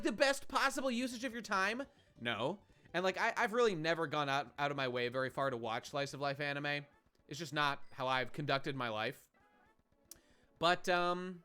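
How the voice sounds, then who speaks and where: Streaming a game, a man gives casual live-stream commentary in a fairly high, bright, forceful voice. He chats with viewers in a rambling, profane way and often restarts his sentences.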